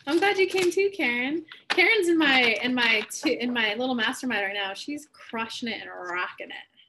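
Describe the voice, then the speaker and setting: A woman's voice: a little high, moderate pace, sharp tone, a little hiss or hum. A woman hosting a live stream, chatting casually and candidly, telling stories with bubbly energy. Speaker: host of a live reading stream.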